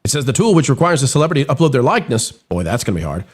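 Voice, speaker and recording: Animated man hosting a live news stream. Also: medium pitch, very fast, husky. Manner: animated, theatrical delivery. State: getting over a cold. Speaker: show host.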